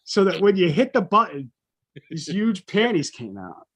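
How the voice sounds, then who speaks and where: A man's voice: high voice, very animated, normal speed, fairly bright tone. A middle-aged man, a podcast co-host, telling a profane story in casual chat and acting out the people in it.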